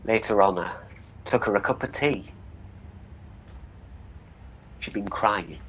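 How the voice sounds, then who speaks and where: A man's voice: on the low side, slow pace, long pauses. A man giving a live outdoor reading of a monologue play, narrating in a plain, dry storytelling manner. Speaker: tour guide reading a play. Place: outdoors on a town street. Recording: dull lo-fi street recording, faint noise.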